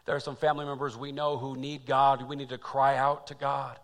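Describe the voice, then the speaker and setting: A man preaching a sermon as pastor, dropping to quiet reflection and rising to loud, repeated calls. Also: mid-range voice, level tone, a little fast, in a large hall. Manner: swings from hushed to loud and emphatic; repeats phrases for emphasis.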